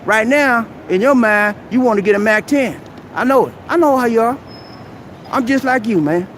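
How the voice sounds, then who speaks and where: Very high-voiced man preaching outdoors. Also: moderate pace, a bit bright, slight background noise. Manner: preachy, exhorting, keeps calling the listener "man". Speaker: live-stream host. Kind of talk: motivational advice rant. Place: outdoors at a busy shopping mall.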